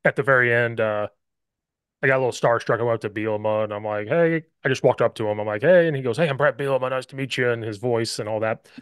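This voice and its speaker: A man's voice: mid-range voice, fast, clear, resonant tone, no echo, clean studio sound. A man hosting a podcast, telling stories and acting out what others said in casual football chat. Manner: animated storyteller, acts out quotes. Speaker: podcast host.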